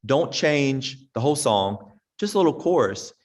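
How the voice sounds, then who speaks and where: A man's voice: medium pitch, expressive, moderate pace. A man, a veteran teacher giving a casual talk to other teachers in a folksy, direct way. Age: 50s. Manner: folksy and direct, acts out parents and sings snippets. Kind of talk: casual conference talk with audience questions. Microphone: online presentation mic.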